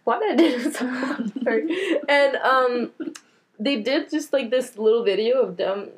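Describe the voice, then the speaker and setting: A young woman chats as a podcast guest. Her voice sits high and swoops all over. She giggles and acts out other people's voices as she tells stories. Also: animated, slow pace. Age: young adult. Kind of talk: casual chat.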